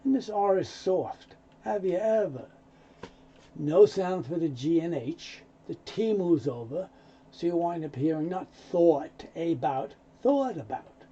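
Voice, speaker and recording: A man's voice: fairly high pitch, animated, unhurried, warm tone, husky. A man teaching English pronunciation, explaining dropped sounds and acting out example lines in an offended tone. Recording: dull lo-fi sound.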